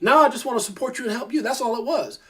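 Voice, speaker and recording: A man's voice: extremely high pitch, bright, forceful tone. A man, a crypto YouTuber, ranting to camera, irritated, emphatic and repetitive. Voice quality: fast, emphatic, repeats himself. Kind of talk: heated rant to camera.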